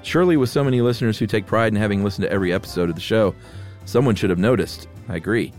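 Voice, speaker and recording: Relaxed podcast co-host, low voice. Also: male voice, very fast, soft background music. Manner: relaxed, laughs easily. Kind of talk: casual chat, reading listener mail.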